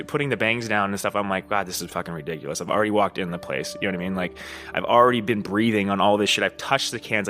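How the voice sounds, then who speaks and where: A man's voice: mid-range voice, bright, forceful tone. A man hosting a podcast, talking casually in a rambling monologue, swearing, laughing and often asking "you know what I mean?". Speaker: podcast host.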